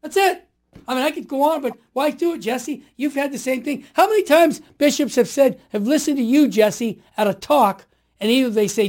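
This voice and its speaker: A man in his sixties telling stories as a guest, energetic and emphatic, acting out what others said. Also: extremely high pitch, moderate pace. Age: 60s. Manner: energetic and emphatic, acts out quoted voices. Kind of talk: animated storytelling.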